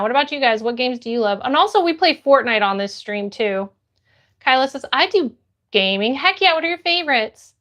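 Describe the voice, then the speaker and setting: A woman's voice: high-pitched, a bit bright. A woman livestreamer reading her chat aloud, upbeat and greeting viewers by name.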